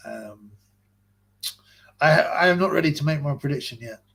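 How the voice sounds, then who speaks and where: A man's voice: fairly high pitch, lively intonation, moderate pace, creaky, a bit bright, breathy edge. A young man hosting a live stream, reading out chat messages in a rambling, chatty way and laughing often. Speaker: livestream host reading chat.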